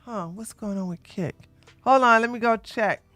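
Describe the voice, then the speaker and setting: A woman livestreamer in casual chat, talking softly and without hurry. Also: a little high, no room sound, faint music behind. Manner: soft, unhurried talk, a break from her usual yelling.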